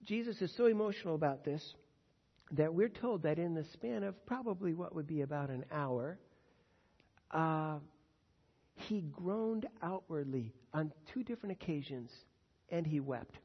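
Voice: medium pitch, breathy edge, long reverb tail, muffled recording. A pastor teaching verse by verse through a Bible passage in a conversational, earnest way, with frequent fillers.

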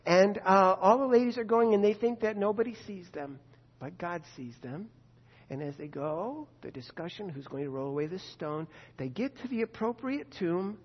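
A man preacher retelling a scripture story in a conversational sermon, with vivid asides and rhetorical questions. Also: high-pitched. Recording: dull lo-fi echoey hall.

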